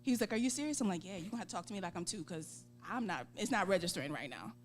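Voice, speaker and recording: A woman in her forties with a Southern US accent, a guest on a talk show, telling a lively story and acting out voices. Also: mid-range voice, racing, faint music behind. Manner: laughing, acts out voices in quotes. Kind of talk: animated storytelling. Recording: steady background hum.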